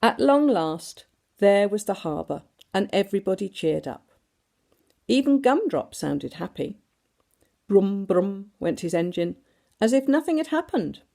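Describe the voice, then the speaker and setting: Woman, expressive storybook reader, warm gravelly tone, very lively pitch. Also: measured pace. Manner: animated, does sound effects and asks the listeners questions. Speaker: storyteller reading to children. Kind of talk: expressive storybook reading aloud.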